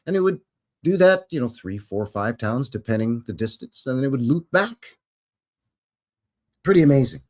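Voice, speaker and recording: A man's voice: medium pitch, animated, normal speed, long pauses, a little mellow. A man hosting a live show. He reads history aloud and breaks off for sarcastic, chatty ad-libs, often correcting himself. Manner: wry, sarcastic ad-libs between read passages. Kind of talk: reading history aloud with casual asides.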